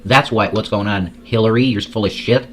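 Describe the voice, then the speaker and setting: A lower-voiced man riffing through casual reaction commentary. He swears constantly and rambles, stumbling over repeated words. A faint noise sits under the recording. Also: moderate pace. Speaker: host.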